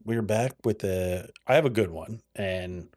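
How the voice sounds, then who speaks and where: A man's voice: fairly low pitch, measured pace, a little mellow, dry recording, clean studio sound. Rambling casual podcast host, a man. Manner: rambling, loose, plenty of restarts. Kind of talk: casual chat.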